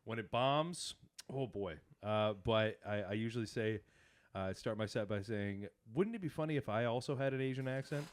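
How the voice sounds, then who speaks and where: Joking young man, comedian guest. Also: on the low side. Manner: quick, joking banter. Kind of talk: casual comedy podcast chat.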